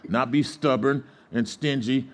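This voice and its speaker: A man's voice: medium pitch, measured pace. A man preaching a sermon to his congregation, calling for responses and acting out the voices in his stories. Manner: lively call-and-response preaching, acts out quoted voices. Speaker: pastor.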